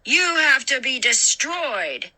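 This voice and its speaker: A woman voicing a wild-eyed man scientist who shouts and pleads while holding an axe. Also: high-pitched, very animated, voice pushed up, heavily acted. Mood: threatening. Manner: slow, pleading, then shouting.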